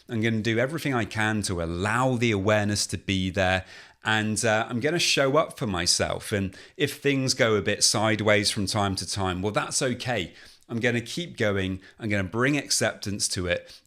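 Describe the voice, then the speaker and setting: A fretful man talks himself through a hard day back at work, swinging between resolve and exasperation, as a coach puts him on. The voice sits low and plain. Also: a bit bright. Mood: determined. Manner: self-talk monologue, restless, exasperated. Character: anxious man returning to work, frustrated. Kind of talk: illustrative role-play monologue.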